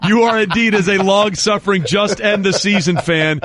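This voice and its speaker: A man hosts a sports radio show with a lightly higher-pitched voice. He keeps things wry and teasing as he tosses questions to his guests. The sound is close and dry. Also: moderate pace, fairly bright tone, no room sound.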